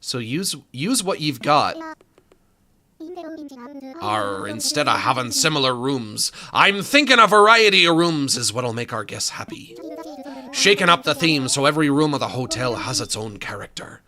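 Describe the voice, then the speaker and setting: A man voicing a bubbly female pirate creature who talks in a high, chirpy pirate lilt full of "ye" and "arr". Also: big pitch swings, normal speed, sharp tone, exaggerated voice. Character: bubbly pirate woman creature, the captain's wife.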